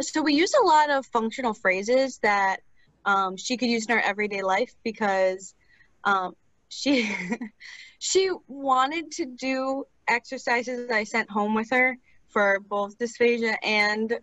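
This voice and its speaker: A woman's voice: on the high side, slow, fairly bright tone, no echo, poor audio. A woman in her twenties, a speech-language therapist, telling a client story in an earnest, conversational way during an interview.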